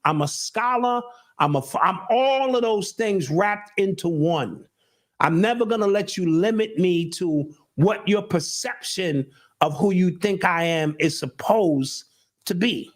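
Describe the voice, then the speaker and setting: A man's voice: sits high, a little slow. A middle-aged man in casual chat, talking earnestly and a bit preachily, often repeating words as he restarts. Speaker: show host and guest.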